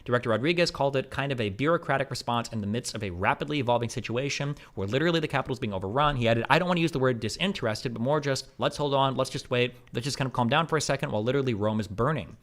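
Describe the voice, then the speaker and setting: Male streamer reading a document aloud quickly, mid-pitched, dropping in doubtful side comments. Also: fairly bright tone. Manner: brisk reading with skeptical asides.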